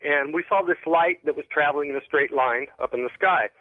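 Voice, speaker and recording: A man's voice: fairly high pitch, fairly quick, dry recording. A man calling in to a radio show and telling a rambling story, hesitating often with ums and restarts. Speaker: caller. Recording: phone line.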